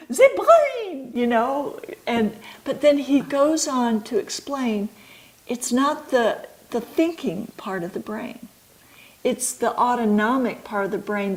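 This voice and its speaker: A middle-aged woman, an author and midwife, explaining her ideas slowly and thoughtfully in an interview. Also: a little high, darkish tone, rough recording.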